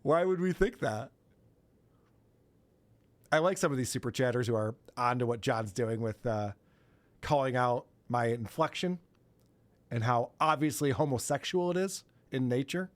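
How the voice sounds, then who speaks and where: A man's voice: mid-range voice, moderate pace, pauses often. A man hosting a podcast, commenting on clips in casual chat, often mocking and laughing. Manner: mocking, laughing, mimics voices. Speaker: podcast host.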